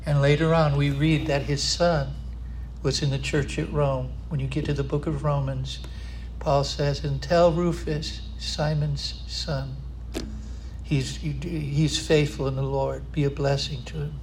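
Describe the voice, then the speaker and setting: Impassioned male preacher, fairly high voice. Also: flat delivery, measured pace, slight background noise. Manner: impassioned, builds to loud emphatic climaxes. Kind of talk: sermon.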